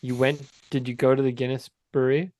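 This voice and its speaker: A man hosting a podcast in casual chat, playful and teasing, quick to laugh. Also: medium pitch, little pitch movement, darkish tone, no room sound. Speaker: podcast host. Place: podcast studio.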